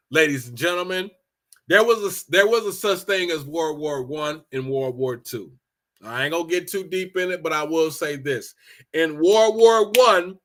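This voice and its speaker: A man from Los Angeles talking straight to his audience in a blunt, profane, animated rant full of repeated phrases. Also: high-pitched. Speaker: commentator. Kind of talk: casual political rant.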